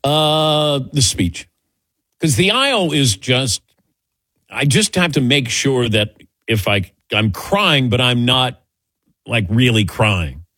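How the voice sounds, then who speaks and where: A man's voice: mid-range voice, expressive, slow pace, pushed and bright, no echo, studio quality. A middle-aged man answering audience questions in a casual, rambling, self-mocking way, telling little stories.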